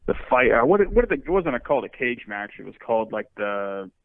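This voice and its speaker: Over a tinny phone line, another caller chats casually with the show, rambling and hunting for words. He's very animated and fairly quick, with a mid-range voice and no echo.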